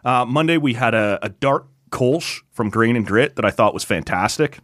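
A man co-hosting a casual beer-tasting podcast, relaxed and rambling with lots of fillers. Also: mid-range voice, moderate pace, no echo, clean studio sound. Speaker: podcast co-host.

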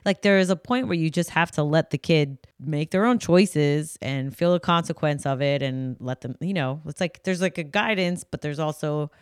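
A woman's voice: low-pitched, moderate pace, hardly any pauses, smooth, dry recording, clean studio sound. A woman co-hosting a casual podcast, asking thoughtful questions and saying "like" often. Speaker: podcast co-host, parent. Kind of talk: casual conversational.

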